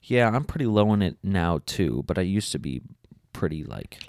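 A young man co-hosting a podcast, talking in a relaxed, hesitant way with lots of fillers. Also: deep voice, moderate pace, no echo, clean studio sound. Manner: laid-back, hesitant, many fillers. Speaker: podcast co-host. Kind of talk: casual chat. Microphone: podcast mic.

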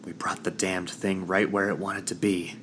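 A man doing a grumbling hushed companion. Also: low-pitched, level tone, moderate pace, background noise, close to an everyday voice. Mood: grim. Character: weary grumbling adventuring companion. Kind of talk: audiobook narration.

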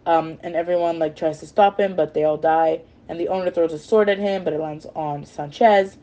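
A woman's voice: low voice, steady tone, fairly quick, warm tone, lo-fi sound. A woman casually retelling chapters of a novel in a rambling way, full of fillers and self-corrections. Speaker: storyteller.

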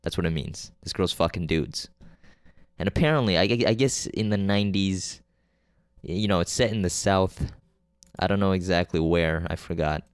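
A man with a low voice, speaking at normal speed, hosts a casual solo podcast recapping a movie; the sound is clean studio quality with no room sound. He's offhand and unpolished, rambling with lots of fillers, restarts and swearing, and often loses names mid-sentence.

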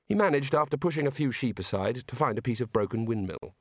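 Guy narrating an audiobook, dry close mic, even steady telling. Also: mid-range voice, brisk, hardly any pauses, no room sound. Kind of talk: scripted narration.

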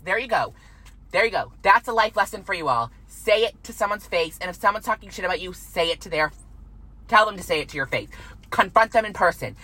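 A woman's voice: medium pitch, expressive, moderate pace, sharp tone, poor audio. A woman in her twenties delivering a heated, profane rant to camera, repeating herself and swearing freely. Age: 20s. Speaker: vlogger.

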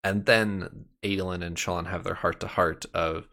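Podcast co-host, man, very low voice, explanatory recap delivery. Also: fairly even intonation, normal speed, hardly any pauses, sharp tone. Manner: explanatory, recaps plot in detail. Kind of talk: casual book discussion.

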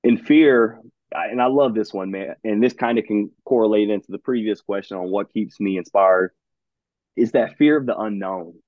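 An enthusiastic man hosts a casual podcast chat, tossing "man" into almost every thought. His voice sits fairly low. It comes through a dry, narrow, phone-like line. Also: normal speed, dry recording. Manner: enthusiastic, says "man" a lot. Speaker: podcast host. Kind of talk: casual conversation.

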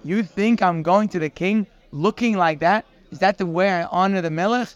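A man acting out a calm, dignified male prisoner who firmly refuses to rush, speaking in a measured way. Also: high voice, smooth, highs cut off, lightly acted.

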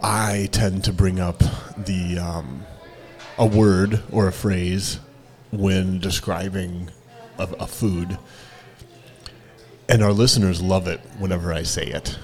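A man's voice: low-pitched, fairly even intonation, takes it slowly, darkish tone. A man co-hosting a podcast in casual chat, with a dry, wry humor. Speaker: podcast co-host.

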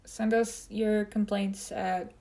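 A Midwestern-accented woman talks through a film's plot in a loose, jokey way. Her voice sits at an ordinary middle pitch for a woman, and she keeps the chat casual, like a podcast co-host among friends. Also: level tone, takes it slowly, dark tone. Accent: Midwestern American. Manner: chatty and joking, recapping the plot. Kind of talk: casual movie review chat.

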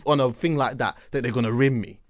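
A man telling a long story on a podcast in a lively, animated way, repeating words for effect and checking in with "yeah?". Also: mid-range voice, fast. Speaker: podcast co-host. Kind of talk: casual storytelling chat.

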